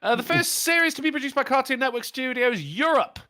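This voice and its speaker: A man's voice: extremely high pitch, a little fast. A man hosting a podcast, joking and swearing freely in casual banter while reading out donations. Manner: animated, jokey, swears freely.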